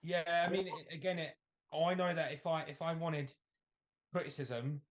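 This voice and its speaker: A bodybuilder chats casually, teasing his friends and often stopping to restart his sentences. His voice sits slightly high. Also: fairly even intonation, moderate pace. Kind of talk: casual chat.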